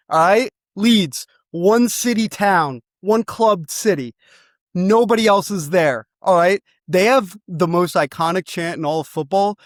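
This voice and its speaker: A young man with a slightly raised voice pitches a football club like a rowdy salesman, rambling and swearing as he goes. His voice sits close and dry, with no room sound around it. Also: unhurried, dry recording. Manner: excitable, rambling, swears freely.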